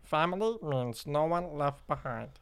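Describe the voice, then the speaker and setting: A young man voicing a small male cartoon alien, speaking slowly and drawing out his words. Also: on the high side, lively intonation, a bit bright. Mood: slow deadpan.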